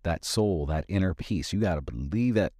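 A man's voice: sits low, expressive, normal speed, dark tone, no echo, studio quality. A man hosting a motivational podcast, talking emphatically, repeating key lines for weight. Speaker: podcast host and life coach.

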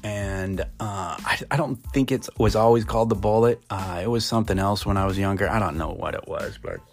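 A man's voice: fairly low pitch, a little fast, soft background music. A middle-aged man from Montana telling a rambling story casually, full of fillers and restarts.

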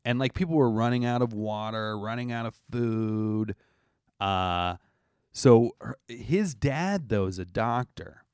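A man's voice: on the low side, unhurried, a little mellow, smooth, no echo, clean studio sound. A man co-hosting a podcast, telling a story in a joking, rambling way. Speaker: podcast co-host. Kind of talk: casual chat.

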